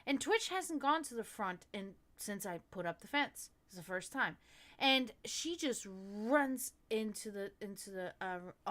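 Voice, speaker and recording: A woman's voice: a little high, moderate pace, fairly bright tone. A woman hosting a livestream, chatting casually in a rambling, profane way and laughing often. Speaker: livestream host.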